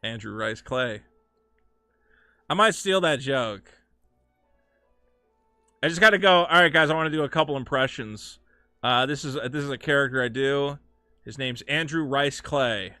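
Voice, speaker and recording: A man's voice: mid-range voice, measured pace, pauses often, pushed and bright, smooth, no echo, faint music behind. A man giving casual, rambling gameplay commentary, crude and joking, swearing freely. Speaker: gaming streamer.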